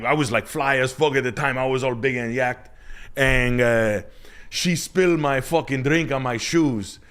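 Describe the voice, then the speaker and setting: A man voicing a brash young male coworker bragging loudly about a club fight. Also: high-pitched, pitched above the performer's own voice, heavily acted. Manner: loud, swaggering storytelling.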